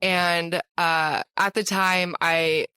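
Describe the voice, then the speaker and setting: A woman's voice: on the low side, little pitch movement, drawn-out words, pushed and bright, clear, resonant tone, dry recording. A young woman from Southern California with an American accent, chatting as a podcast guest in a bubbly way, exclaiming often. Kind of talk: casual chat.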